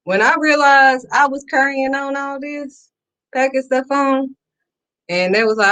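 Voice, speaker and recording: Bright-voiced, emphatic woman preaching. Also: high voice, normal speed. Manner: emphatic, repetitive, sassy and direct. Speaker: faith vlogger. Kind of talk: preachy motivational talk to camera.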